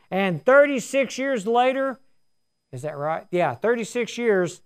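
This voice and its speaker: A man's voice: sits high, smooth. A man in his sixties preaching a sermon, telling his story in a folksy, earnest way. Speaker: pastor.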